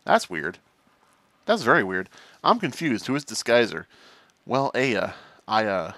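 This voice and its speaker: A man doing casual let's-play commentary in an animated, jokey way, thinking aloud as he plays. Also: on the low side, unhurried, pauses often, no echo. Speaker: gaming commentator.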